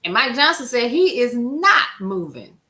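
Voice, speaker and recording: A woman's voice: a little high, big pitch swings, unhurried, pushed and bright. A woman hosting a casual news recap live stream, chatting with her viewers and answering their comments in an emphatic, conversational way. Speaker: livestream news show host.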